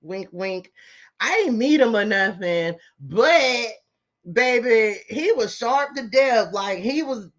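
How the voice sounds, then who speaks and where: A woman's voice: on the high side, lively intonation, slow. A middle-aged woman, giving a casual tarot reading and talking straight to her viewers in a sassy, chatty way. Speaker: spiritual tarot reader. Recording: slightly muffled lo-fi audio.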